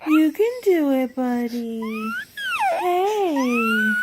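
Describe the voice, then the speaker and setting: A woman's voice: high voice, sing-song, drawn-out words, heavy background noise. A woman filming her baby at home, coaxing him in sing-song baby talk. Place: at home indoors.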